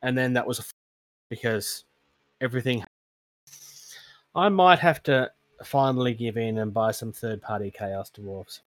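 Speaking a little slowly with long pauses, this medium-pitched Australian man co-hosts a laid-back tabletop gaming chat. It's a rambling, self-mocking conversation peppered with laughter, and the recording has no room sound.

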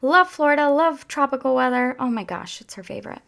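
A woman talking casually to her viewers in a heartfelt, chatty way, near tears and drifting into soft whispers at times. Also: high-pitched, expressive, fairly quick, gravelly. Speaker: vlogger. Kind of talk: casual personal talk to viewers.

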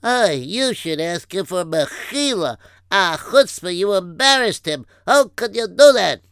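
A man plays a preachy, insistent man in a story drama who scolds and lectures. His voice is high and smooth, recorded dry and close. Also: sing-song, a little slow, a bit bright, dry recording, full character voice. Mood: scolding. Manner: lecturing, reproachful.

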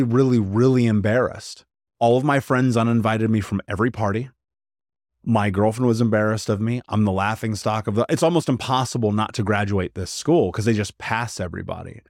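A man's voice: fairly low pitch, dry recording, clean studio sound. A man guest on a podcast, telling his own story frankly and with energy, often acting out what others said. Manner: animated, frank storytelling with quoted voices. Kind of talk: candid storytelling.

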